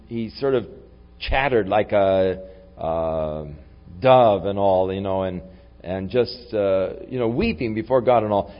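A man preaching a sermon, reflective in tone and rising to forceful when he reads scripture aloud. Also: on the low side. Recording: long hall reverb, dull lo-fi sound.

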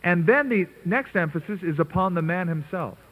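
A man's voice: sits high, animated, moderate pace. Tinny radio preacher, earnest man. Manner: earnest, conversational preaching with emphatic asides. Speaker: pastor. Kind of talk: sermon. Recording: tinny narrow-band radio broadcast.

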